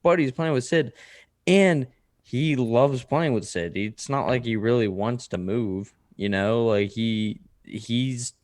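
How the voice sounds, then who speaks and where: A man's voice: medium pitch, slow pace, darkish tone, no room sound. A man co-hosting a casual podcast, laid-back and brief in his replies. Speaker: podcast co-host. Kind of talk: casual chat.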